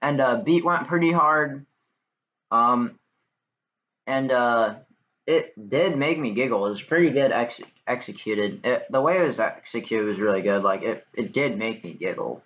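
A young man giving casual reaction commentary on songs, excitable and swearing often. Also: medium pitch, measured pace. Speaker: music reaction reviewer. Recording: dull lo-fi mic with music playing. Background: music playing.

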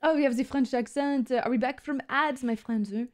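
A woman with a somewhat high voice hosts a livestream in casual chat. She jokes crudely and giggles often, playing at running a class. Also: a little fast. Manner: giggly, crude, playful teacher act. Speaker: streamer co-host.

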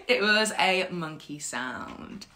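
A woman's voice: mid-range voice, fairly bright tone. A woman teaching an online singing class, patient and encouraging, laughing often as she guides learners. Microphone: livestream mic. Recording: echoey room, faint keyboard.

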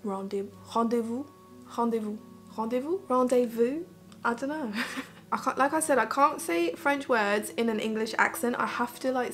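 This beauty vlogger has a gravelly voice pitched a little high. Rambling and chatty, she guides her audience through her makeup routine in a casual get-ready-with-me chat, with "like" sprinkled all through her speech.

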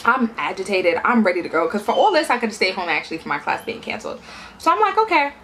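A woman's voice: mid-range voice, quick pace, slight background noise. Chatty young woman vlogger, eating while talking. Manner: chatty, animated, acts out quoted voices.

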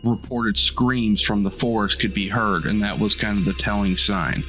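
A man's voice: on the low side, steady tone, moderate pace, bright, forceful tone. Man narrating a legend over music. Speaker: podcast host. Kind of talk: storytelling narration with banter.

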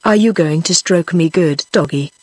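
A synthetic woman's voice reading the lines of a bitter, angry middle-aged working man in an audiobook, in a flat machine delivery. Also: fairly low pitch, normal speed, breathy edge, no echo.

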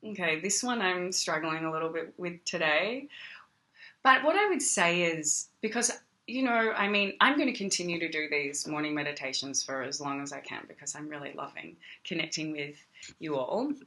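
A woman's voice: deep voice, moderate pace, sharp tone. An Australian woman teaching meditation on a casual livestream, chatty and greeting viewers by name. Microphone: phone.

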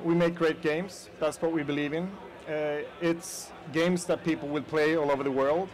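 In a low-quality recording from a conference hall, a man from Sweden speaks with a Swedish accent and a slightly high voice. His casual presentation is chatty, aimed directly at the audience, and full of fillers.

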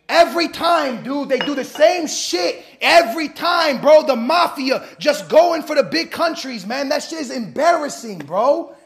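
A man's voice: very high-pitched, slightly rough. A man reacting live to a football match, ranting and swearing at the referee on screen. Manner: ranting, profane, talks at the screen.

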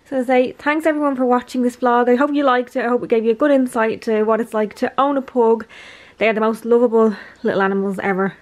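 A woman's voice: a little high, steady tone, fast. A young woman vlogging at home, cooing at her dog in gushing baby talk and chatting to the camera. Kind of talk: casual vlog chat.

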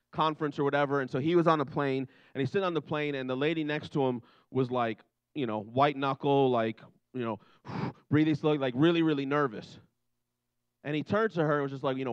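A man preaching in a relaxed, chatty way, slipping into little acted-out voices for the people in his story. His voice sits fairly high for a man. The sound is dull and dry, with the room giving almost no echo. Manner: conversational, animated, acts out Bible scenes in quoted voices. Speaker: pastor. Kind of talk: sermon.

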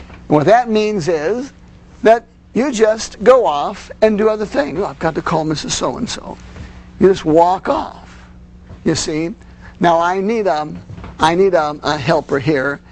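Male parenting instructor, high-pitched, earnest lecture delivery, faint hum behind. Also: darkish tone. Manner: earnest, with frequent "you see".

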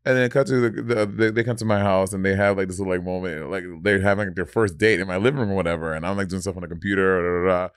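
A man's voice: deep voice, fairly even intonation, rapid-fire, few pauses, clean tone, no room sound, studio quality. A man with a slight Caribbean accent, co-hosting a podcast and telling a story casually with lots of laughter and "like" fillers. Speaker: podcast co-host. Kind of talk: casual chat.

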